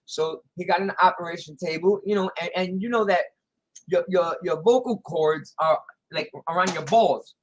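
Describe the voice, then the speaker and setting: A man's voice: high-pitched, moderate pace, poor audio. A man casually telling crude jokes on a livestream, playful and rambling. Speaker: livestream guest.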